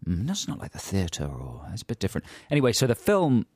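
A man's voice: lowish voice, huge pitch swings, fast talker, darkish tone, breathy edge, no echo, clean studio sound. A man, co-hosting a comedy chat show and telling a long, self-mocking anecdote. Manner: rambling, self-mocking storyteller. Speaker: radio comedy co-host.

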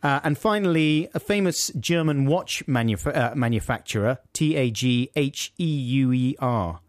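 A man's voice: mid-range voice, lively intonation, normal speed, no echo. Radio guy joking around, dry close mic, laughs a lot. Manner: playful, laughs easily. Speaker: radio host. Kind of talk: casual banter. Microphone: studio mic.

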